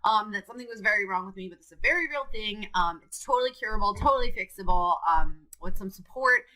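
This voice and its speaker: A woman's voice: medium pitch, expressive, fast, bright, forceful tone, rough recording. A woman, a support coach, talking earnestly and candidly to camera about her own experience. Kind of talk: direct-to-camera personal talk.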